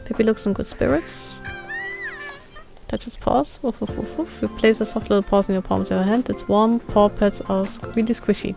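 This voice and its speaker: A woman's voice: mid-range voice, steady tone, moderate pace, creaky, music in the background. Woman streamer reading game lines. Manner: playful, reads all the dialogue aloud and barks for the dog. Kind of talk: reading game text aloud while playing.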